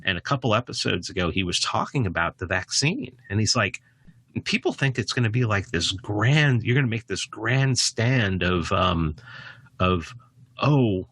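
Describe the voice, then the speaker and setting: Bright-voiced man, rambling and animated. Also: normal speed, husky, no room sound. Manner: rambling, with frequent restarts and filler phrases; animated, with sudden jumps in pitch. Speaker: podcast guest. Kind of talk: casual conversation.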